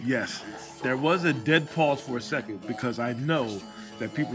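A man's voice: mid-range voice, moderate pace, loud music behind the voice. A tipsy man co-hosting a casual bar-talk show, speaking hesitantly with lots of fillers and slight slurring. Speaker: podcast co-host.

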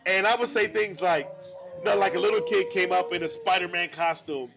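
A man hosting a casual bar podcast, telling a profane, animated story. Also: high voice, fairly quick, vocal fry, music in the background. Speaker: podcast host.

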